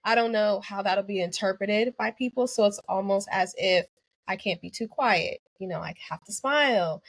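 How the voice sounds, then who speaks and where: A woman's voice: medium pitch, normal speed, dry recording. A young woman, an anesthesia student guest on a podcast, speaking in an earnest, reflective way with many "you know" fillers. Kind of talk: podcast interview.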